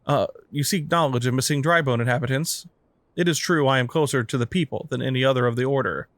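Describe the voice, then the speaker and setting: A man reading aloud the lines of a gentle woman priest in a fantasy game, in a plain, even voice. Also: mid-range voice, fast, no room sound, close to an everyday voice. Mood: earnest. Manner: reads quest text aloud in a plain, even voice.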